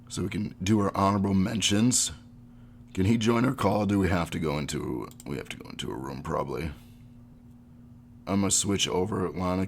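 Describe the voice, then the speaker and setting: Deep-voiced sick male podcast host. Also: gravelly, a little hiss or hum. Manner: reads gaming history notes, then casual chat. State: sick, under the weather. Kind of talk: live-streamed podcast chat.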